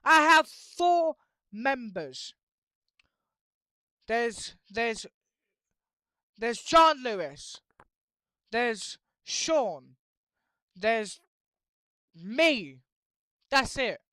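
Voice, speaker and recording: A woman hosting her channel, rambling through made-up band lore with stammering restarts, swinging between mumbling and loud exclaiming. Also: on the high side, big pitch swings, very slow, pauses often, no room sound, studio quality. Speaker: channel host.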